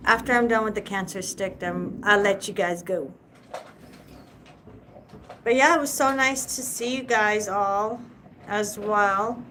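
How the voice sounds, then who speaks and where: A woman's voice: a little high, a little slow, noisy background. A woman and mother hosting a casual live chat, talking in a loose, rambling way and swearing freely. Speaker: livestream host.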